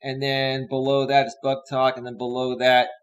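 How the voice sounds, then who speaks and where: A man's voice: medium pitch, completely flat delivery, normal speed. A man hosting a casual live stream, chatting with viewers in a rambling, upbeat way from a home green-screen setup with a desk microphone. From Northern California. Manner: rambling, chatty, reads viewer comments aloud. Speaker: host.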